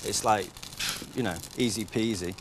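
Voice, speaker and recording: A man's voice: lowish voice, normal speed. A man with a Liverpool accent, a chef chatting casually while he cooks, rambling with lots of restarts and fillers. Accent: Liverpool (Scouse). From Liverpool, England. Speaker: chef guest. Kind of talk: casual chat while cooking on air. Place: TV studio kitchen. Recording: noisy sizzle behind voice. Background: frying and sizzling pan.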